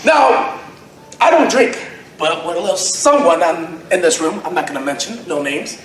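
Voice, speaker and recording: A young man doing raunchy stand-up, rambling and cracking himself up. His voice is very high and bounces all over the place. He is recorded on a handheld mic in a very echoey room, with noise underneath. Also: lively intonation, normal speed. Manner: crude, rambling, laughing at his own jokes. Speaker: stand-up comedian at open mic. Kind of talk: stand-up comedy set. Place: convention panel room with live audience.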